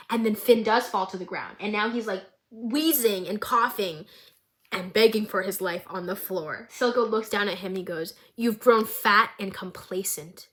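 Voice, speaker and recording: A woman's voice: a little high, pushed and bright. A woman vlogger giving a casual, chaotic show recap with jokey, rambling asides.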